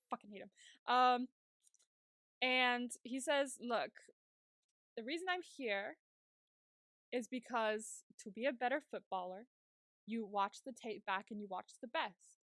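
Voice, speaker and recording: A woman co-hosting a podcast, retelling a TV episode in casual chat and putting on quick voices for the characters she quotes. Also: a little high, fairly bright tone, no room sound, clean studio sound. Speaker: podcast co-host.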